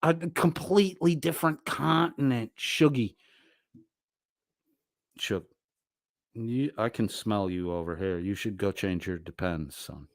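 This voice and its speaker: A man hosting a casual livestream and reading out viewer chat, profane and mocking, swinging between loud jeers and low mutters. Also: slow pace, pauses often, dry recording, studio quality.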